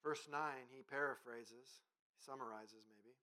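Bright-voiced male pastor preaching conversationally. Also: a little high, normal speed. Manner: conversational preaching with playful sarcasm and lively acted asides. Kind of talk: sermon.

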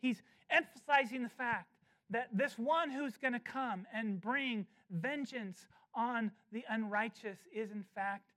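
Preacher for a verse-by-verse sermon: emphatic, slows to lean on key words, restarts with repeated words. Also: mid-range voice, fairly bright tone. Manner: emphatic, slowing down to stress key phrases. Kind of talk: expository sermon.

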